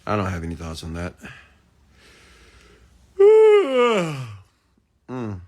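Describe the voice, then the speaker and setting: A man casually chatting on a late-night livestream, rambling and excitable while he reads and answers viewer comments, still getting over food poisoning. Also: low-pitched, fast. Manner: rambling, excitable, lots of restarts.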